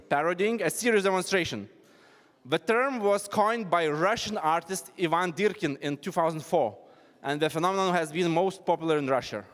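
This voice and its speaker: A man giving a halting, self-deprecating talk at an arts event, with non-native phrasing. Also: sits high, big-room sound. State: out of breath. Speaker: performance artist presenting. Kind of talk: informal spoken presentation. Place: large hall at an arts event.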